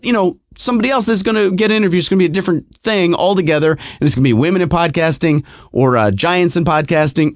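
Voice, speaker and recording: A middle-aged man hosting a podcast, telling a comic story in an exasperated, animated, self-mocking way. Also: sits high, no echo, clean studio sound.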